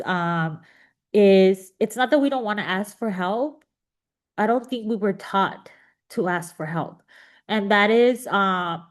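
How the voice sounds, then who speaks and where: A woman instructor leads a student panel over a video call. She talks in an emotional, rambling way, full of fillers and restarts. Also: mid-range voice. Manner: warm, emotional, chatty with many fillers. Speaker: panel moderator and college instructor. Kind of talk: casual emotional panel talk.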